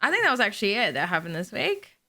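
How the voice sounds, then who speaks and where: A young woman co-hosting a relaxed gaming chat, with a bright, forward tone. She talks in bursts, restarting her sentences and laughing between thoughts. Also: mid-range voice, quick pace. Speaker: podcast co-host.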